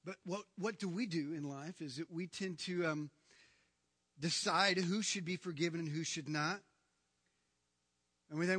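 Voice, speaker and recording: A man preaching a sermon as pastor, emphatic, swinging from hushed lines to near-shouting. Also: fairly high pitch, measured pace, pauses often, slightly rough, studio quality. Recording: long reverb of a large hall.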